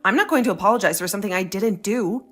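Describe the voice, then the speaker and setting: A woman's voice: mid-range voice, lively intonation, fast, soft background music, lightly acted. A woman voicing a young wife who stands her ground, talking in an indignant, sarcastic way. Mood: indignant, defiant. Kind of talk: dramatized story dialogue.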